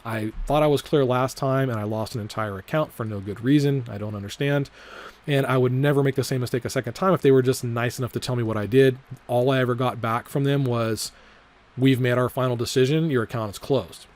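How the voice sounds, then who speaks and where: Man, trading vlog commentary, casual, rambling, swears a lot, lots of filler words, repetitive, middle pitch. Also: brisk, darkish tone. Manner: repeats his disclaimers over and over. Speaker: trading vlogger.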